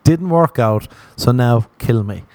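A man voicing a bitter male pedestrian whose city dreams failed, grumbling flatly and defeated. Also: mid-range voice, slow, dry recording.

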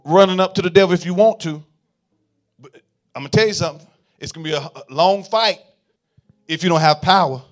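A male pastor preaches a sermon in call-and-response style, his voice on the high side as it swings from quiet murmurs to fervent shouts.

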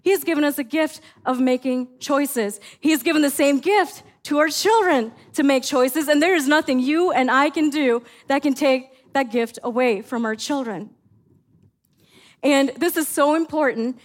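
A middle-aged woman pastor preaching a sermon, telling family stories in an animated way and acting out her own lines. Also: high-pitched. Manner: animated storytelling, acts out her own quotes.

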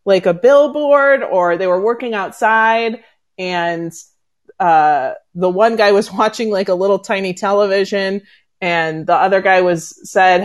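A woman's voice: mid-range voice, moderate pace. Woman, from the US, casual podcast chat, trails off, laughs mid-story. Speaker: podcast co-host.

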